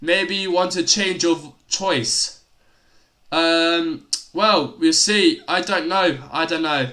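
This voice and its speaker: High, bright-voiced excitable young commentator. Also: male voice, slow pace. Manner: exclaims loudly at big points, casual chatty asides. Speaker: livestream tennis commentator. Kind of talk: excitable live play-by-play commentary.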